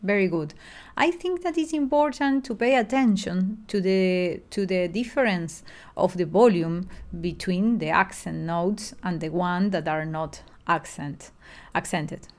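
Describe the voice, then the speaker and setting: A woman's voice: lowish voice, measured pace. Middle-aged woman; online lesson delivery, patient, explanatory, many restarts. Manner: explanatory, with frequent fillers and restarts. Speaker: music lecturer.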